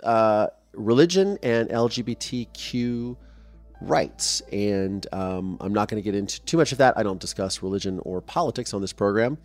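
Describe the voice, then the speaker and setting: A man's voice: fairly low pitch, a little mellow. A man hosting his own podcast, talking casually and emotionally, rambling with lots of fillers and restarts. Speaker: podcast host.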